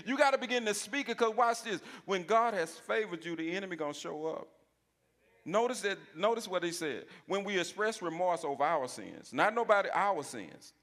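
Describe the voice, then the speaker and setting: A pastor, preaching a sermon and calling out asides to the congregation. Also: male voice, high voice, very animated, fairly quick, fairly bright tone. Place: church sanctuary. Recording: long church reverb.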